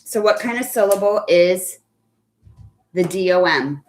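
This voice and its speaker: Young woman teacher, slow and patient, warm praise for each child, sounding words out for early readers. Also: medium pitch, animated, faint music behind. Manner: slow and deliberate when spelling out words. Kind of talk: live online phonics lesson.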